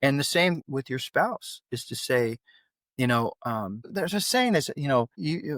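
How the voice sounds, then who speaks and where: A middle-aged father, a podcast guest, telling candid stories in a blunt, animated way that rises when he gets worked up. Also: mid-range voice, a little slow, no room sound.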